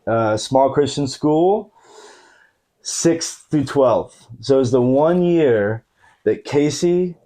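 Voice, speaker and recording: A man in his thirties, guesting on a podcast, tells a funny anecdote in a relaxed living-room chat, laughing a lot and leaning on fillers. His mid-range voice is warm and animated, and he speaks slowly.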